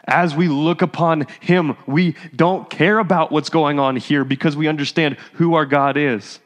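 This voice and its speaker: A man's voice: a little high, fairly even intonation, normal speed, few pauses. Man preaching in a reverberant church hall. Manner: conversational preaching, rising to exhortation. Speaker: pastor. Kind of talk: sermon.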